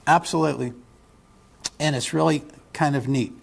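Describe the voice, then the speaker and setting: A man's voice: a little high, steady tone, normal speed, gravelly, slightly rough. A man giving a live lecture to a room of lawyers, rambling through a joke and asking the audience questions. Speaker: lecturer at a legal education seminar.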